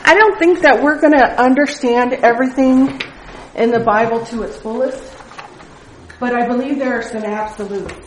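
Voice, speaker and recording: A woman's voice: a little high, slight background noise. A middle-aged woman leading a Bible study, telling a personal testimony in an earnest, conversational way. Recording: echoey room.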